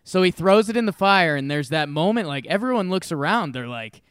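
A young man co-hosting a sports talk show, telling animated stories in casual chat and swearing freely. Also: sits high, fairly quick, few pauses, clean tone, no echo, clean studio sound. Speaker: sports podcast co-host.

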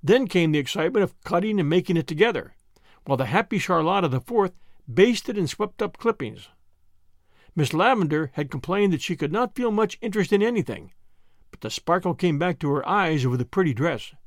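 A man narrates a classic novel with gentle, expressive storytelling. His voice sits high and moves with lively pitch. The recording is close and dry. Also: brisk, no room sound. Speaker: audiobook narrator. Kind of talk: scripted narration.

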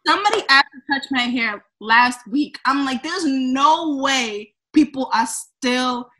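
A young adult woman, a comedian guest on a podcast, telling stories in a casual, animated way, acting out quotes and laughing often. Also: high voice, a little slow. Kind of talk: casual chat.

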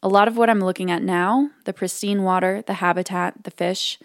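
A woman reporter narrating a documentary feature in a calm, reflective storytelling manner. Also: mid-range voice, brisk, no echo.

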